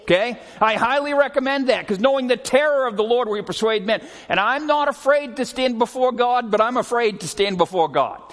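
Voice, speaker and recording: A middle-aged man preaching a sermon as a pastor, telling stories earnestly and often slowing and dropping his voice for emphasis. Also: extremely high pitch, a bit bright. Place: church sanctuary. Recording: long hall reverb.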